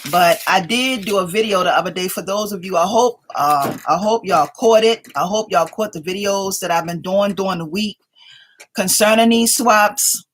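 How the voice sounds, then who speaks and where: A woman's voice: mid-range voice, moderate pace, a little hiss or hum. A woman hosting a casual craft livestream from home, greeting viewers by name as they join and chatting along, a little sleepy. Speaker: craft channel host.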